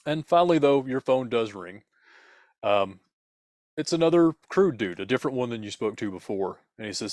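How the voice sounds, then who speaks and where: A man's voice: medium pitch, animated, moderate pace, a little mellow, dry recording, studio quality. A man co-hosting a podcast, telling a playful, dramatic spooky story in the second person.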